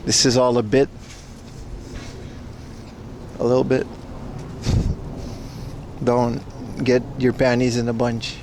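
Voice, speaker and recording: A man's voice: medium pitch, monotone, slow pace, long pauses, a little mellow, slight background noise. A man chatting casually with his livestream viewers outdoors, rambling and joking playfully as he browses plants. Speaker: IRL livestreamer. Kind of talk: casual live-stream chat with viewers.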